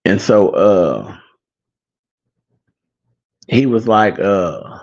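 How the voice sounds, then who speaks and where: A man casually retelling a movie plot, a little wheezy and out of breath, now and then acting out lines in a high excited voice. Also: unhurried, pauses often. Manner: animated storyteller, acts out quotes in a high excited voice. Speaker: online show host. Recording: dull lo-fi sound.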